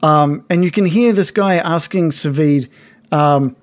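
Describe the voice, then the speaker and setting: A game master runs a tabletop game at a middle pitch. The narration is hesitant and filled with ums and restarts, relaxed and unpolished. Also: measured pace.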